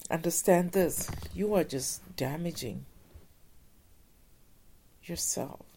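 A woman giving an earnest motivational talk, slowing down to stress her points. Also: fairly low pitch, mellow, a little hiss or hum.

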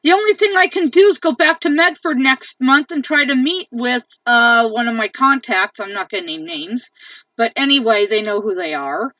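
Angry ranting woman, bright tense voice. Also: high-pitched, animated, normal speed, no echo. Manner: profane, emphatic. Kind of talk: venting monologue. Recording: dull lo-fi sound from a distance.

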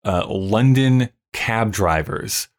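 A man's voice: lowish voice, slow pace. A man hosting a casual podcast chat, explaining things eagerly. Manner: enthusiastic, explanatory. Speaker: podcast host.

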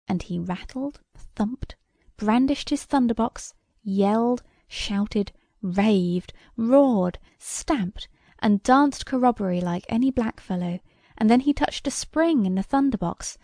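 A woman reads a storybook aloud in a measured, wry manner. Her voice is gravelly and mellow, and the recording is dry and close. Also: on the high side, expressive, dry recording. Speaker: audiobook reader. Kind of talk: storybook narration.

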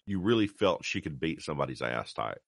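A man hosting a casual wrestling interview, an excitable, enthusiastic fan who chats eagerly with his guest. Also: rumbling low, a little fast, gravelly, dry recording, studio quality. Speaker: podcast host.

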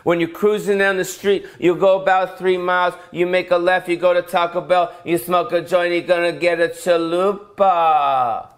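A man's voice: high-pitched, flat delivery, moderate pace, hardly any pauses, voice pushed up, close to an everyday voice. A man putting on a lazy, drawled stoner voice for a GPS. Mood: laid-back. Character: mellow stoner male GPS voice.

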